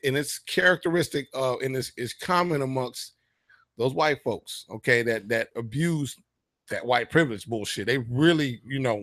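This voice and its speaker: A man's voice: medium pitch, no room sound, studio quality. A man hosting a radio show, ranting in a heated, profane, emphatic way in casual talk. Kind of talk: casual political rant.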